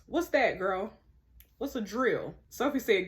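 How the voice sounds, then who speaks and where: A woman's voice: lowish voice, animated, normal speed. A woman chatting with viewers as she plays a mystery game, reading clues and messages aloud. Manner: chatty, talks to viewers, reads texts aloud. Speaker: gamer playing a mystery game. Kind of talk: casual let's-play commentary.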